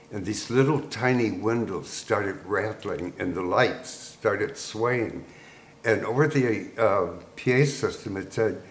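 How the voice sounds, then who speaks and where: A man in his eighties, a veteran guest, unhurriedly recounting wartime memories with chuckles, recorded in an echoey room. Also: on the low side. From United States. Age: 80s. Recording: echoey room with faint noise.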